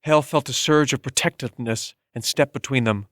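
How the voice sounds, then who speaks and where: With a mid-range voice, a male narrator reads scripted audiobook material in an even, measured storytelling style. The audio is clean studio sound without room noise.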